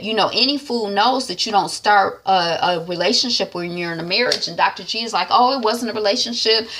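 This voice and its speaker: A woman talking through a TV episode recap in a chatty, rambling way, with animated asides. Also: medium pitch, vocal fry. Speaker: reality TV recap vlogger. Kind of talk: casual recap chat.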